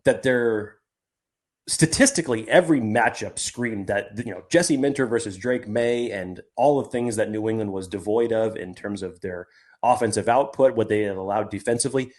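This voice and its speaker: A Californian man co-hosts a casual sports podcast, speaking at a moderate pace in a lowish, somewhat dark voice. He rambles in long sentences, interrupting himself and restarting them midway.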